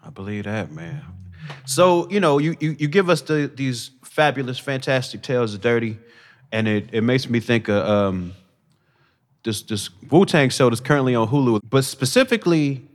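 A man's voice: mid-range voice, lively intonation, normal speed, big-room sound. A man hosting an interview, encouraging his guest with short replies and asking follow-up questions. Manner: encouraging listener, short backchannels.

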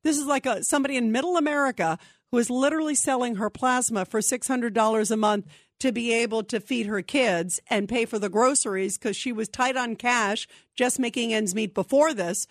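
A woman's voice: a little high, dry recording, studio quality. Indignant talk radio host woman. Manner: animated, indignant, rapid restarts.

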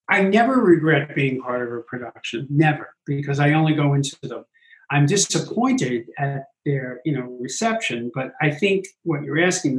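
A man, a Broadway producer, telling animated stories in an interview and acting out what others said. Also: mid-range voice, reverberant, poor audio. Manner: animated anecdotes, acts out quotes. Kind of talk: interview storytelling.

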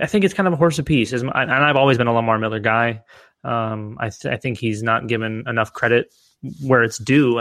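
A man's voice: mid-range voice, fairly bright tone, dry recording. A man co-hosting a podcast, talking casually and rambling with many restarts and fillers. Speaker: podcast co-host. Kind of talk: casual fantasy football discussion.

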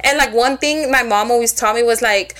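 High-pitched young woman, casual podcast chat, lively storytelling, swearing, bits of Spanish. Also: brisk. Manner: animated, swears a lot, mixes in Spanish. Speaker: podcast co-host.

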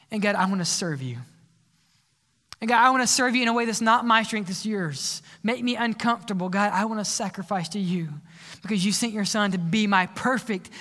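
Impassioned older preacher in echoing church. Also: male voice, high-pitched. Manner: impassioned, swinging from loud appeals to hushed pleas. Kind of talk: sermon. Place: church sanctuary. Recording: long church hall reverb.

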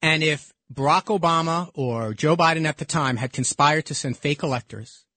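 Heated, higher-voiced male radio host. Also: normal speed, no echo. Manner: heated and emphatic, repeats himself when excited. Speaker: radio talk show host. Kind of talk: call-in radio talk. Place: radio studio. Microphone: studio microphone.

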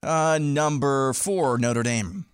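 A man co-hosting a talk show who reads out a ranked list in brisk, casual turns. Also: mid-range voice, smooth, dry recording, studio quality. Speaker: co-host reading listener lists.

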